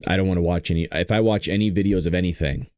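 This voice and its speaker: Brief: low-pitched male streamer, tearful and shaken, dry close sound, broken halting delivery. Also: a little mellow, no room sound. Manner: halting, trailing off and restarting. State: tearful, choked up. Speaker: livestream host. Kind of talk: emotional live stream talk.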